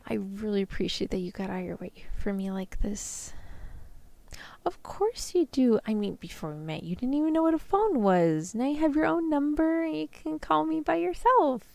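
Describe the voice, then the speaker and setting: A woman voicing a sick young human woman talking softly to her vampire boyfriend, in a whispered role-play. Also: sits high, expressive, normal speed, vocal fry, voice pushed up. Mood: tired, affectionate. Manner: soft, apologetic, affectionate. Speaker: vtuber.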